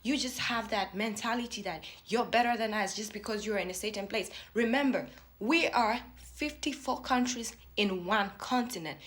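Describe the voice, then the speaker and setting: A woman's voice: a little high, normal speed, a bit bright. A woman from Africa with an African English accent, speaking straight to viewers in emphatic, pleading commentary and repeating lines for stress. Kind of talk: impassioned direct-to-camera commentary.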